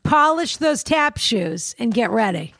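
A woman's voice: on the high side, big pitch swings, unhurried, creaky, a bit bright, no room sound. A woman co-hosting a podcast in casual chat, playful and theatrical, teasing her co-host.

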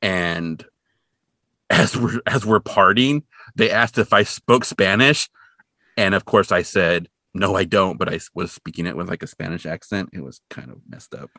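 A man's voice: deep voice, measured pace, pushed and bright, no echo, studio quality. A man co-hosting a podcast, chatting casually and recapping a cartoon episode in a rambling, self-deprecating way. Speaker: podcast co-host.

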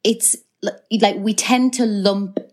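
A woman's voice: mid-range voice, fairly even intonation, slow pace, a little mellow. A middle-aged woman with a Geordie accent, chatting as a guest on a podcast, full of fillers and restarts. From North East England. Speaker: actress guest. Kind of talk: casual chat.

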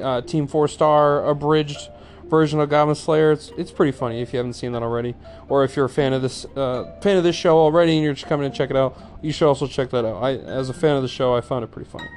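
A man's voice: a little high, darkish tone. Casual swearing man reviewing anime. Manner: rambling, swears freely, many "like" fillers and restarts. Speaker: anime reviewer, channel host.

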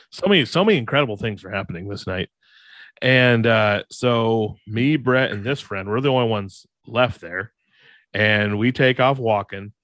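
A man's voice: medium pitch, moderate pace, fairly bright tone, no room sound. A man co-hosting a podcast, telling a rambling story in a casual way and laughing along. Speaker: podcast co-host.

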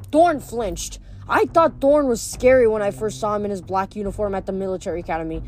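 Reading a novel aloud at a brisk clip with hardly any pauses, a woman now and then trips over a word and fixes it. Her mid-range voice has a darkish tone, and faint music plays behind her.

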